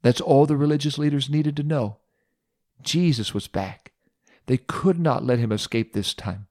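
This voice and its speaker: A male preacher in the middle of a story sermon, his voice sitting at an ordinary middle pitch. He retells scripture dramatically, with emphatic repetition and lively pauses.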